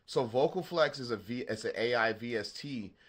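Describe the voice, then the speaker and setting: A man with a Southern accent hosting a beat-making livestream, chatting casually in a halting, rambling way and swearing freely. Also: mid-range voice. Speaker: beatmaker livestream host. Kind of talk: casual live-stream chat.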